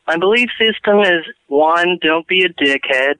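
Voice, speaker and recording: A man calling in to a show, his voice bright and crisp on a dry line. He talks casually and jokes along in a relaxed way. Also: high-pitched, measured pace, dry recording, rough recording. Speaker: caller. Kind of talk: casual phone chat.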